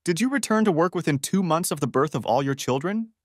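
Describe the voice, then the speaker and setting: A man voicing a calm, wronged husband in a narrated story, asking gentle, measured questions. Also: fairly high pitch, dry recording, clean studio sound, pitched above the performer's own voice. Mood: probing.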